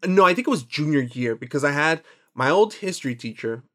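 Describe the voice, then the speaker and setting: A man's voice: on the high side, animated, a little fast, pushed and bright. Playful, rambling male podcast co-host. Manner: rambling, self-mocking, playful. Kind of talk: casual chat.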